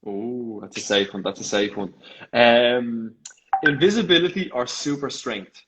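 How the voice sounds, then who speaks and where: A man hosting a casual live video call interview, laughing often and firing off quick playful questions. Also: medium pitch, background noise. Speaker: host. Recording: slightly dull video call audio.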